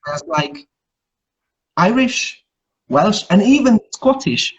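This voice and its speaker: A man's voice: sits high, sing-song, slow. A Hungarian man, an English teacher, in a casual live chat, talking in a chatty, self-deprecating way with many restarts.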